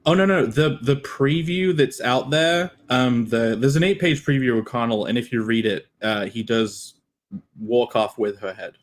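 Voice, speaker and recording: A man, a comic creator, chatting casually on a stream in an excitable, rambling way. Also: medium pitch, moderate pace.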